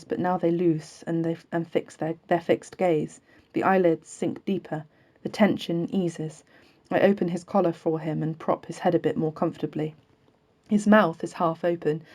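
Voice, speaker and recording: A woman with a lowish, mellow voice reads a novel aloud. Her delivery is measured and unhurried. Now and then she stumbles and restarts a word instead of cutting the slip out. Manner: measured, unhurried reading with occasional slips and restarts left in. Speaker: reader.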